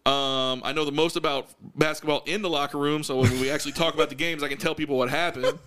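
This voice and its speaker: A man hosting a podcast, talking fast in a self-mocking, laughing way. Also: a little high, fairly even intonation, a bit bright. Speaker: podcast host. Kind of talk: casual chat.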